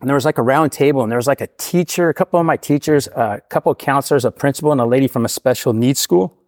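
A middle-aged man tells a long, meandering story at a brisk, quick clip. He keeps tagging questions onto his sentences in a self-deprecating, chatty way. The sound is dry and close, with no room around it. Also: mid-range voice, darkish tone, no room sound. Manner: rambling, self-deprecating, repeats "right?". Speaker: podcast guest sharing recovery story. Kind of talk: casual storytelling. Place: podcast studio.

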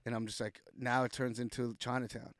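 A young man with an everyday mid-range voice, recorded close and dry with no room sound. He tells his stories in a loose, animated way, acting out what people said and stacking up fillers. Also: mid-range voice, fairly quick, dry recording. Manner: animated, loose storytelling full of "like" and acted-out quotes. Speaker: guest rapper. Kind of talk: casual podcast storytelling.

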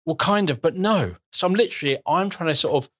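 A man's voice: a little high, lively intonation, quick pace, fairly bright tone. A man, a dad and co-host, telling a story hesitantly with repeated words. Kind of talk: casual conversation.

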